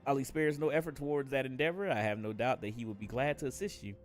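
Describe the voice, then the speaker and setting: A man reading aloud as a composed male video game character who briefs an adventurer in formal, measured speech. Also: medium pitch, faint music behind, close to an everyday voice. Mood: solemn.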